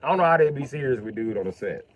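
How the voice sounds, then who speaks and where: A man ranting casually on a livestream, using profane, swaggering slang and swinging between a mutter and loud talk. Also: mid-range voice, expressive, very fast, muffled recording, noisy background.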